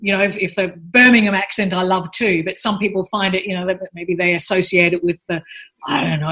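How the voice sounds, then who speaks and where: A woman speaking as an expert guest in a casual interview, giving thoughtful, measured explanations with frequent pauses and fillers. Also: lowish voice, fairly bright tone.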